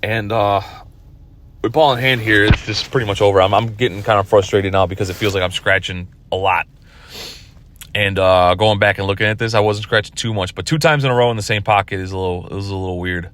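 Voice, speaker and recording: A man's voice: on the low side, steady tone, fairly quick, a bit bright. A tired man commenting on his own pool match from his car, rambling and self-critical. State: tired, yawning. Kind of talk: casual video commentary.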